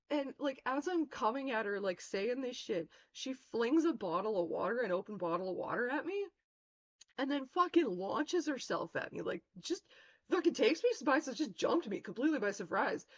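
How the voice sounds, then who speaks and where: A woman's voice: on the high side, very animated, moderate pace. A woman streamer telling a long story in a casual, rambling way, full of swearing and fillers. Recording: dull lo-fi stream mic.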